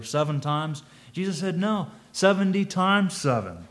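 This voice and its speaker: A man's voice: medium pitch, animated, normal speed, hardly any pauses. Man preaching in an easy, questioning way. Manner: thinks aloud, asks the listeners questions; reads scripture in old-fashioned wording. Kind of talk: conversational sermon.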